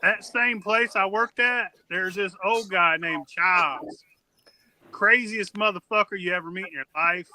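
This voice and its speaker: A man co-hosting a podcast, telling crude stories with animated, profane energy and acting out what people said. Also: high voice, unhurried. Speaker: podcast co-host. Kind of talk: casual storytelling.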